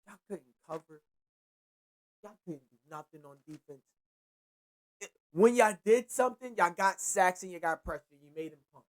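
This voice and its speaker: A man's voice: sits high, moderate pace, long pauses. A young man hosting a casual sports show, ranting in a slangy, profane and repetitive way. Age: young adult. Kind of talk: casual sports commentary rant.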